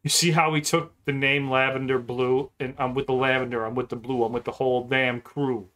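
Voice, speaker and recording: A man's voice: medium pitch, little pitch movement, over music. A man giving casual, unscripted reaction commentary on a rap video, swearing freely, hyping his viewers and stopping to explain the lines. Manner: jumps in to pause and explain the rap. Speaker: music reaction YouTuber.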